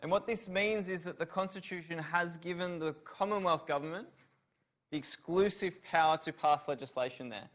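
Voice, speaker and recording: A man's voice: a little high, normal speed, a bit bright. A man giving a university revision lecture on law, asking students questions and praising their answers.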